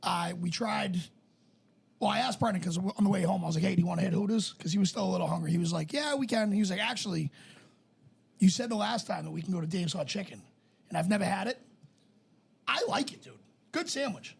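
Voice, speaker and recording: A man's voice: sits high, fast talker, vocal fry, slightly rough. A middle-aged man co-hosting a podcast, telling a story in casual chat with plenty of swearing. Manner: animated storyteller, swears freely. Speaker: podcast co-host.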